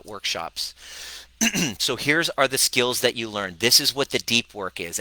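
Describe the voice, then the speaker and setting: A man's voice: lowish voice, no room sound, low-quality recording. A middle-aged man hosting a coaching live stream, talking straight to viewers with lots of energy, acting out people's voices and restarting his sentences. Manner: energetic, acts out clients' voices, many restarts.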